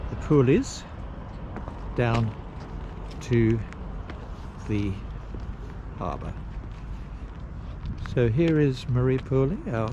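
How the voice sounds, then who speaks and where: A man casually narrating a road trip outdoors, rambling with pauses and fillers. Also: mid-range voice, expressive. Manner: slow, rambling, pausing with fillers. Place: outdoors at campsites and parks. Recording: noisy outdoor recording.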